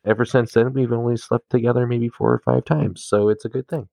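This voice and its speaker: A man's voice: mid-range voice, fairly even intonation, a little fast, gravelly, warm tone, no echo. A man from Canada, co-hosting a podcast and telling raunchy stories in loose, laughing casual chat. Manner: bawdy, storytelling, laughing often. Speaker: podcast co-host.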